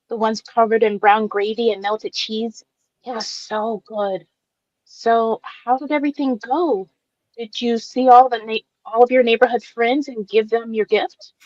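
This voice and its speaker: A woman voicing a gentle, tearful young woman with cancer in an amateur radio drama, speaking softly and with feeling. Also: on the high side, no room sound, close to an everyday voice. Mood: cheerful. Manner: soft, emotional, slow-spoken. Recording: dull dry lo-fi recording.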